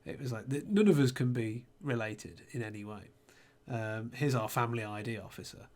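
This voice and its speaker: A man's voice: mid-range voice, normal speed, a little mellow. Rambling man with ums. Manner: rambling, recounts game scenes with many ums and restarts. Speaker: podcast co-host. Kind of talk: casual chat.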